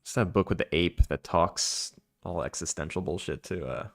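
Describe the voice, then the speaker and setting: A man with a Long Island accent rambles and chuckles as he streams a game. His voice sits very low with a rough, gravelly edge. He talks with his viewers in an easy, casual way. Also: normal speed, a bit bright. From Long Island, New York. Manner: chatty, rambling, chuckles while talking to chat. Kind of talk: casual chat while gaming.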